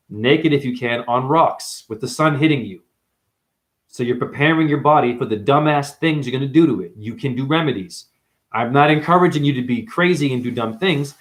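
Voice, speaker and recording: Rambling, profane male spiritual vlogger. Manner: profane, rambling, with sudden jumps in pitch. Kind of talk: rambling livestream monologue.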